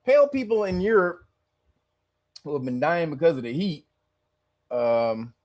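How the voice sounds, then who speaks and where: A man with a high voice that swings widely in pitch, talking casually over clips. He is sarcastic and joking, laughing often as he reacts. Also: very animated, measured pace. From Los Angeles. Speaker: commentary channel host.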